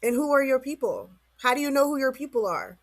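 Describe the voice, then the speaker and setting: A woman's voice: high voice, expressive, brisk, no room sound. Slangy woman ranting to camera, dry sound. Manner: slangy, rambling, rhetorical questions. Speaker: vlogger. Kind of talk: casual motivational monologue.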